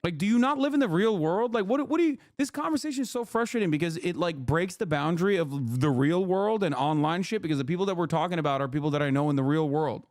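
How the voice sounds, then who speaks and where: A male streamer rants at his chat in a slightly high voice, heated and profane, scolding viewers as he reacts to a video. The sound is dry and close, with no room around it. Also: fast talker, hardly any pauses, no echo. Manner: heated, exasperated ranting with heavy profanity. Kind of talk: live-stream commentary.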